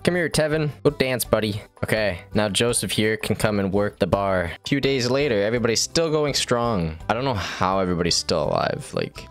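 Excitable low-voiced man narrating gameplay. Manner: excitable, joking, swearing, jumps high when surprised. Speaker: gaming video host. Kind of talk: gameplay commentary.

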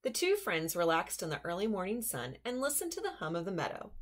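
Expressive woman reading a picture book. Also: fairly low pitch, a little fast. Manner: expressive, animated storytelling. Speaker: children's book reader. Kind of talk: storybook read-aloud.

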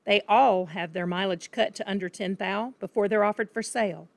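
A woman voicing a boastful, crooked car-dealer father who brags loudly about his tricks. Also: mid-range voice, moderate pace, gravelly, no echo, natural voice. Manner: blustering, bragging, shouting.

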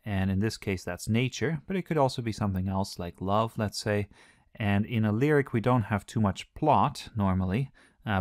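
A man teaching a close reading of a poem in a relaxed, conversational way, often pausing with "uh". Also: fairly low pitch, no echo. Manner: relaxed, conversational, frequent "uh" fillers. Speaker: literature teacher. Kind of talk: explanatory lesson.

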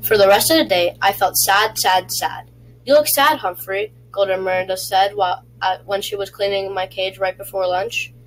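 A woman reading a children's chapter book aloud, in a halting way with frequent slips and restarts. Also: medium pitch, flat delivery, slight background noise, rough recording. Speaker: reader.

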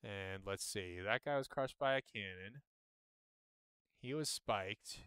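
A man streaming a game, chatting and thinking aloud as he plays, with sudden jumps in pitch when excited. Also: slow pace, clear, resonant tone, no room sound, clean studio sound. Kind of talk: casual gameplay commentary.

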